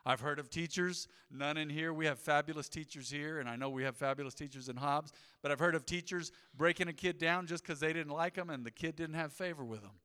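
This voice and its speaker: A middle-aged man preaching a sermon as pastor, telling stories in an animated way with rising emphasis. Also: on the high side, brisk, few pauses, clear, resonant tone. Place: church sanctuary. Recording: long hall reverb in a sanctuary.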